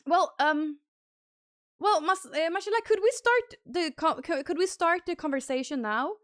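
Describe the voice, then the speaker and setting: A young woman streaming live, chatting casually and squealing excited thanks to donors. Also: extremely high pitch, normal speed, dry recording, studio quality.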